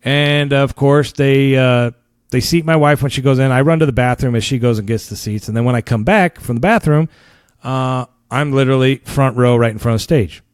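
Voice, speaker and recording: Animated man ranting on a podcast. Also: medium pitch, normal speed, smooth, no room sound, studio quality. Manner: animated, swearing, laughs at his own story. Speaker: podcast host. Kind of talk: casual ranting storytelling.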